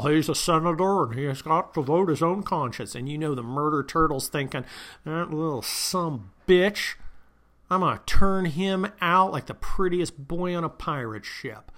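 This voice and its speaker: A man with a brightish, somewhat high voice hosts a political talk monologue. He is combative and sarcastic, piling insults onto his targets.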